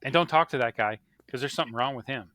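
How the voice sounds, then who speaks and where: A man's voice: medium pitch, quick pace, no room sound, clean studio sound. A man in his thirties co-hosting a podcast, telling stories in casual chat and acting out the voices of people in them. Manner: animated storyteller, acts out quoted voices. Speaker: podcast co-host.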